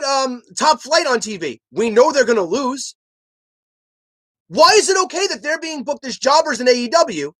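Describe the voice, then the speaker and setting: A live stream host giving heated commentary, arguing emphatically with chat and rising to near shouts. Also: sits high, dry recording. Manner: animated ranting, emphatic and repetitive.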